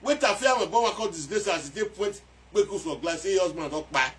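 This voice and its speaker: Excitable Nigerian man, a bit off-mic. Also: high-pitched, fast talker, recorded from a distance. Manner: excitable, repeats phrases. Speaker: music commentator. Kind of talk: casual commentary on a song.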